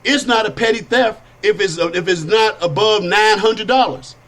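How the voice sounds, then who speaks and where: A middle-aged man with a Californian accent, hosting a talk show and telling stories in a lively, animated way that acts out sounds and quotes. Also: high-pitched, moderate pace. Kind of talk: casual storytelling monologue.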